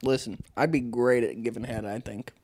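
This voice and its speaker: A man's voice: mid-range voice, fairly even intonation, normal speed, a little mellow, no room sound. A young man co-hosting a podcast, bantering playfully and giggling often. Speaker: podcast co-host. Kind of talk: casual chat.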